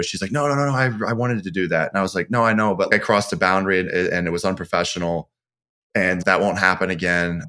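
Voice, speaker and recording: A man's voice: deep voice, sharp tone. A man, a podcast guest, telling a personal story in a candid, rambling way, often restarting his sentences. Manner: candid, rambling, self-correcting. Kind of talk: casual storytelling.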